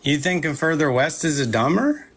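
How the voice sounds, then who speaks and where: Guy putting on a cocky canadian expat, argues everything, kinda high voice. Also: big pitch swings, normal speed, a bit bright, slightly rough, soft background music, heavily acted. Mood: bickering. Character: brash Canadian expat man named Butch. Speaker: call-in guest. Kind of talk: comedic improvised character.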